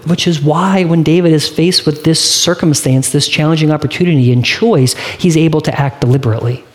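Earnest male pastor, slightly high voice. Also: a little fast. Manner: earnest, conversational preaching with direct questions to the congregation. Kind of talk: sermon.

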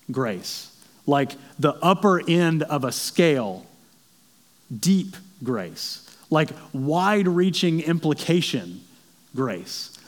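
A man in his thirties preaching a sermon to a congregation, conversational and self-deprecating, telling stories as he goes. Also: medium pitch. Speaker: pastor.

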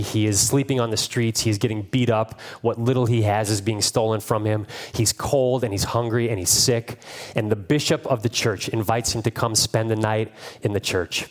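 A man in his thirties, a pastor preaching a conversational sermon, retelling stories and acting out quotes. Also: mid-range voice. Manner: storytelling, conversational, with playful acted quotes.

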